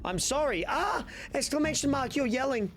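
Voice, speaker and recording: A man's voice: extremely high pitch, moderate pace. A young Australian man chatting casually to his stream chat, rambling and swearing freely. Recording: steady background noise.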